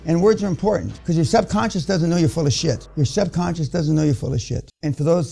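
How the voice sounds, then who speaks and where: A man's voice: fairly high pitch, creaky, mellow. An older man giving a blunt, profane motivational lecture to a seminar audience, rambling with many restarts. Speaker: seminar speaker.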